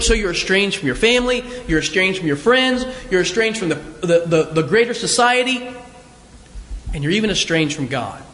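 A man's voice: high voice, fairly bright tone, in a large hall. A man preaching a sermon as pastor, talking conversationally with rhetorical questions and repeated words.

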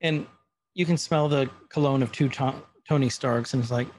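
A man's voice: medium pitch, moderate pace, darkish tone, slight background noise. A man chatting casually as he recaps a show, acting out quotes of the dialogue.

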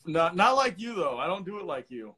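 A man chatting casually as a guest, telling fishing stories in an excited, swearing, slangy way. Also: high-pitched, fairly quick. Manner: excitable storyteller, heavy swearing and "dude". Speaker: guest angler. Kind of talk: casual podcast chat.

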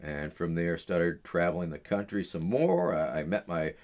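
A middle-aged man appears as an interview guest, casually telling stories that ramble and are full of "uh" and "um." His voice is low and darkish in tone, and he speaks at a normal speed.

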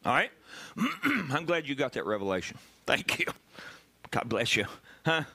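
A man preaching a sermon as pastor, animated and bursting into loud emphasis. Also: medium pitch, moderate pace, creaky, slightly rough.

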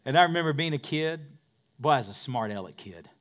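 A man preaching a sermon as pastor of a church, dropping to whispers and rising to loud peaks. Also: mid-range voice, expressive, a little fast. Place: church in a converted warehouse.

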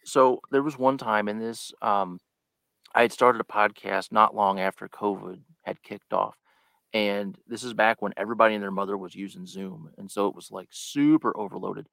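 A man's voice: fairly low pitch, moderate pace, creaky, fairly bright tone, no room sound. A man chatting as a guest on a live podcast, telling a story and acting out the lines he quotes. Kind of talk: casual live podcast chat.

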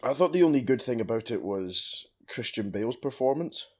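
A man's voice: mid-range voice, expressive, a little fast, a little mellow. A man co-hosting a podcast, giving blunt opinions with casual swearing. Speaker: podcast co-host. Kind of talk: casual film chat.

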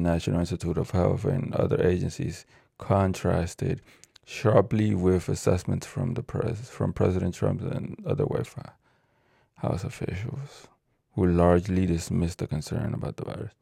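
A man's voice: deep voice, creaky, mellow, breathy edge, no echo, clean studio sound. A man from ranting casually on his own video, profane and rambling, stumbling over words as he reads the news aloud. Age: adult with a child. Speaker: vlogger.

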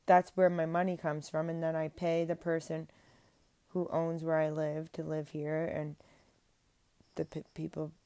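A young woman with a lowish voice talks at home in a rambling, earnest way, restarting her sentences and leaning on "like." The sound is dry and close, with almost no room echo. It has the feel of a casual faith vlog. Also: monotone, unhurried, mellow. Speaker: faith vlogger. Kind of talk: casual spoken faith monologue. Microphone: speaking into a mic.

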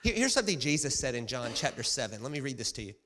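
A man preaching a sermon as pastor, conversational and emphatic, shifting from quiet asides to loud bursts. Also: mid-range voice, very animated, very fast. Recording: long hall reverb.

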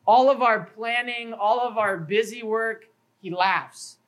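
A man preaching an evening sermon at a church in an earnest, steady way. He walks his listeners through numbered points and scripture references. Now and then he trips over a word and repeats it before pressing on. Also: high-pitched, slow, rough recording. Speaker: pastor.

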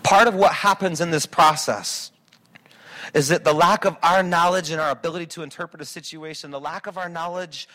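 A man preaching a sermon as a pastor, swinging between quiet reflection and loud, driving emphasis. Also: on the high side, steady tone, fairly quick.

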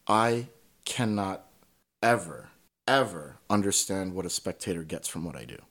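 A man's voice: sits low, lively intonation, moderate pace, fairly bright tone. A man telling stories as a podcast guest in casual conversation, swearing freely and tagging his points with "right?".

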